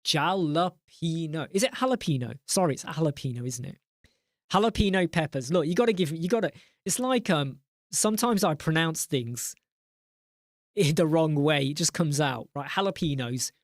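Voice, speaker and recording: A man's voice: fairly high pitch, animated, normal speed, no echo, studio quality. A man hosting a casual live chat, rambling and joking, reading out viewer names in a mock-exasperated way. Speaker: live stream host.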